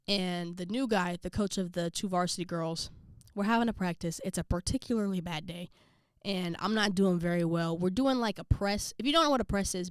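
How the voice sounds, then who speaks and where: A young woman telling a personal story to camera in a casual vlog, full of slang, quick asides and quoted voices. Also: lowish voice, smooth, no echo, clean studio sound. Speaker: vlogger.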